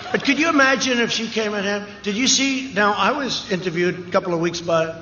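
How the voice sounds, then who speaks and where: Here a man's high-pitched voice comes through pushed and bright at a fairly quick clip, addressing a large outdoor rally with improvised, emphatic, repetitive remarks and meandering asides. The lo-fi, echoey PA audio carries slight background noise and the cheers of the crowd.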